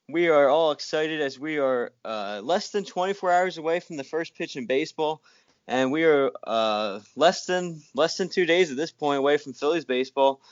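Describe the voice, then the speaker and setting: A man hosting a casual sports podcast, upbeat and quick to laugh, with frequent fillers. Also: on the high side, clean tone, dry recording, dull audio. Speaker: podcast host.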